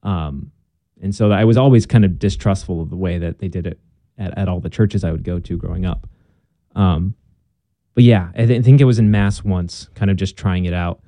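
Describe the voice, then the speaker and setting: A man's voice: low-pitched, normal speed, warm tone, no room sound. A young man, a guest in a conversation, telling his story in an earnest, casual way and acting out bits of past dialogue.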